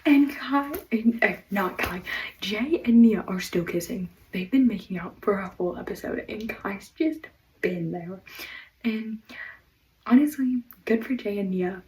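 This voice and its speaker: A woman delivering an excited, rambling fan rant, full of fillers, on a personal mic. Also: mid-range voice, unhurried, far from the mic, low-quality recording. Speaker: fan vlogger.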